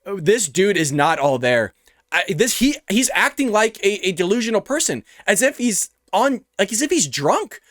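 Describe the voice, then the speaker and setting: Opinionated male host, high voice, dry mic. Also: big pitch swings, moderate pace, a bit bright, dry recording. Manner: opinionated, addresses viewers as folks. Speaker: show host. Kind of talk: reaction commentary. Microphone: close studio microphone.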